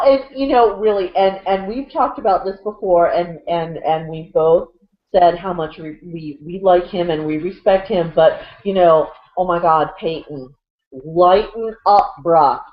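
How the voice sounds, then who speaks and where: A woman's voice: on the low side, moderate pace. A woman co-hosting a casual sports chat, rambling with lots of fillers and restarts. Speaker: co-host. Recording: dull lo-fi audio.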